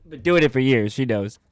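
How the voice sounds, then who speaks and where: A man's voice: a little high, a bit bright. A man from New Jersey hosting a podcast, joking and teasing in casual chat and swearing freely. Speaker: podcast host.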